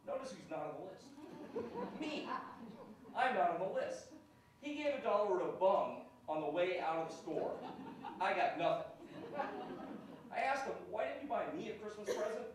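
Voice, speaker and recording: A man works a small club stage with dry, wry stand-up, his voice high and swinging widely in pitch. He is caught from a distance, so the room rings loudly around him. A steady wash of ambient noise sits underneath. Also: moderate pace, long pauses, very echoey. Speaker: stand-up comedian. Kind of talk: stand-up routine.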